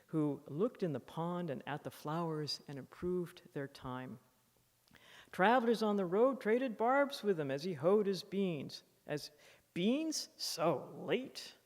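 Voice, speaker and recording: A woman author giving a public lecture, reading from her book with expressive, animated emphasis at a podium microphone. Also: on the low side. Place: lecture hall in a library museum. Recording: long reverb of a lecture hall.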